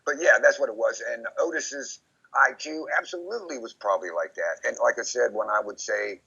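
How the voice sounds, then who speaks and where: A man being interviewed, rambling and repeating himself as he recounts memories, often quoting others in lively put-on voices. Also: mid-range voice, fairly quick, husky. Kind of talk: casual recorded conversation. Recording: dull lo-fi recording.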